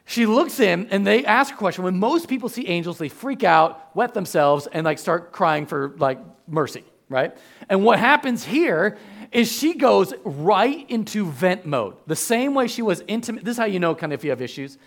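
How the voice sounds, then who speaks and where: A man's voice: sits high, expressive, normal speed, gravelly. A man preaching a conversational sermon, joking with the congregation and acting out the lines of the people in the story. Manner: conversational, acts out quotes, jokes with the congregation. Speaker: pastor. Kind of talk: animated sermon.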